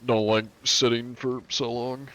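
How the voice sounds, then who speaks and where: A man's voice: medium pitch, flat delivery, measured pace, a bit bright. A young man in his twenties chatting casually with viewers on a gaming livestream, with dry, wry jokes. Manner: dry, wry joking with chat. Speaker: streamer.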